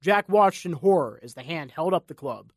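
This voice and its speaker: A man's voice: on the high side, lively intonation, normal speed, dry recording. Male audiobook narrator, dry and close. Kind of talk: scripted narration.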